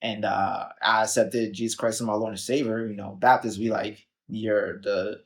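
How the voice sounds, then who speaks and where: A man's voice: on the low side, normal speed. Chatty young man telling a story. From Chicago. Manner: animated storyteller, acts out quotes, frequent "like" and "um". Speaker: podcast guest. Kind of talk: casual storytelling interview.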